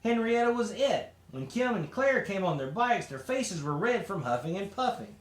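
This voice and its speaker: A man reads a children's story aloud with lots of expression. His voice sits high and swings widely from line to line. A roomy echo follows him. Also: normal speed. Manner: expressive, animated. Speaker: storybook reader.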